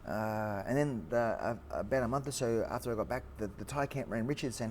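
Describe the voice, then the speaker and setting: An Australian man in his forties tells a long story as an interview guest, animated and full of fillers and restarts. His voice sits at an ordinary pitch for a man, with a faint hiss of background noise. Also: a little fast. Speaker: guest, fighter.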